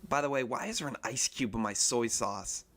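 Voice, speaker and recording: A man's voice: mid-range voice, fairly quick, fairly bright tone. A man voicing a smug young male yuppie who drawls mockingly, in a novel read aloud.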